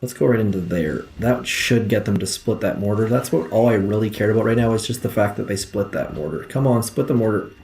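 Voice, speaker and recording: A man's voice: fairly low pitch, a little fast, creaky, few pauses, darkish tone, soft background music. A young man giving casual gameplay commentary from home, muttering frustrated, self-deprecating remarks as he plays. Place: home room.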